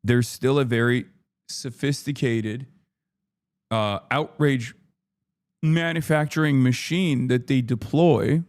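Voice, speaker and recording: A man on a live stream, ranting heatedly and swearing freely as he comments on politics, now and then switching into a mocking put-on voice. His voice sits at a middling pitch and comes through close and dry, with little room sound. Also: fairly even intonation, slow pace, long pauses, a little mellow, dry recording. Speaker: streamer host.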